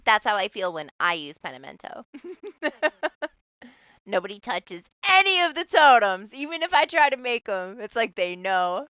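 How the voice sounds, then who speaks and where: Bright-voiced exasperated woman streaming a game. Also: medium pitch, very animated, moderate pace, dry recording, rough recording. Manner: exasperated, laughing, swearing. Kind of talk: casual live game streaming.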